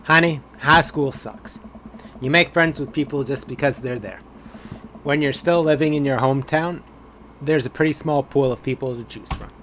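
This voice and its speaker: Supportive goofy dad, gentle and reassuring, read by a man in an everyday voice. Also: fairly high pitch, moderate pace, slight background noise, natural voice. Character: kind, goofy supportive father. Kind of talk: reading game dialogue aloud.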